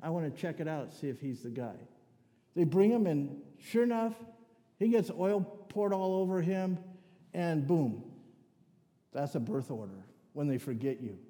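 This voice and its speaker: An older male preacher delivers a sermon, leaning on family anecdotes and dry joking asides. His voice is mellow and sits a little high. The sound rings with a long hall reverb. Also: unhurried.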